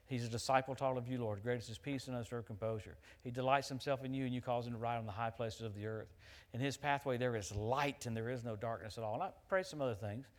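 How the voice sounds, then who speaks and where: A middle-aged man preaching a sermon, swinging between loud emphatic declarations and quiet, chatty storytelling, often laughing at his own anecdotes. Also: medium pitch.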